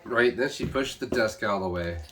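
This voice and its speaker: A man casually recapping an episode, rambling with restarts and quickly paraphrasing what the characters say. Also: fairly low pitch, crowd noise. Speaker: show reviewer.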